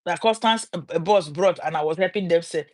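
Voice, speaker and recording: A middle-aged woman with a Nigerian accent, telling a story on a livestream and turning it into a sermon, with animated quoted voices and preachy asides. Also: on the low side, a little fast. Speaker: livestream host.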